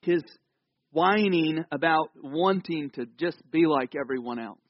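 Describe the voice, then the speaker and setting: Guy pastor with a high voice preaching, chatty, goes loud then real quiet, dry kinda dull sound. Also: unhurried, no echo. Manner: conversational preaching with sudden swings from loud to hushed. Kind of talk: sermon.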